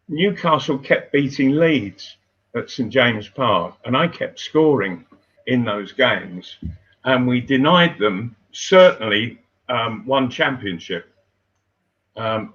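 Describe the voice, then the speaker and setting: An older man, a former footballer, telling stories in casual chat, unhurried and halting, with many fillers and restarts. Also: medium pitch, expressive, a bit bright. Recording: dull lo-fi sound.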